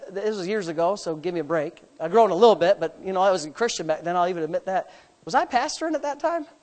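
A pastor with a very high-pitched voice delivers a sermon, climbing to loud preaching peaks and then dropping into quiet, self-mocking stories with casual asides. The recording carries the long reverb of a large hall.

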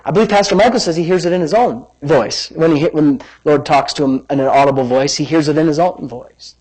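A man preaching a sermon as pastor, reading scripture with lively emphasis and wandering into personal asides. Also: fairly high pitch, fairly quick, breathy edge, poor audio. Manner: animated, dramatic scripture reading with rising emphasis; rambling asides and self-corrections.

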